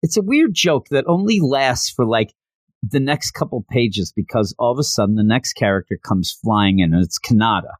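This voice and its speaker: A man's voice: on the low side, lively intonation, moderate pace, no room sound. A man casually recapping a story, chatty and joking with lots of fillers. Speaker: reviewer.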